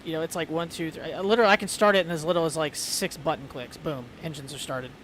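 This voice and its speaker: Chatty man, fillers, slightly high voice. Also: quick pace, a bit bright, a little hiss or hum. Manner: chatty, rambling, lots of fillers. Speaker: flight sim streamer. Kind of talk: casual chat.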